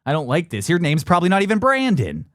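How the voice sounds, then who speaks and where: A man's voice: sits high, wildly swooping pitch, quick pace, a bit bright, dry recording, clean studio sound. A man co-hosting a comedy podcast, riffing casually and laughing often. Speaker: podcast co-host.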